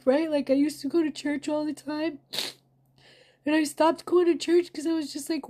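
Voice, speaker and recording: A woman's voice: high voice, flat delivery, normal speed, mellow. A woman in a confessional vlog monologue, talking in a raw, emotional way, full of anger and swearing. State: angry. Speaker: vlogger.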